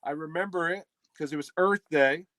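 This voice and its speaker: A man's voice: on the high side, moderate pace, no echo, poor audio. A middle-aged man hosting a podcast, telling a comic story in a casual chat and acting out the quotes. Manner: animated, acts out quotes in the story. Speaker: podcast host.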